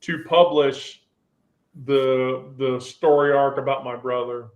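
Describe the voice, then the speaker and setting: A man hosting a relaxed group chat, rambling and often restarting his sentences. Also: medium pitch, takes it slowly. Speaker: host. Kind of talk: casual chat.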